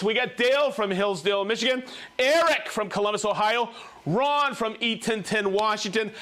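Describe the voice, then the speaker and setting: A man's voice: high-pitched, bright, forceful tone. A man hosting a live show, reading out viewers' names and hometowns in a jokey, upbeat way. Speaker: livestream host.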